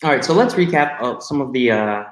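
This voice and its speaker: A man's voice: mid-range voice, expressive, fairly quick, background noise. A man hosting a casual live question and answer chat, rambling and plain-spoken. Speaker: host. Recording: echoey room.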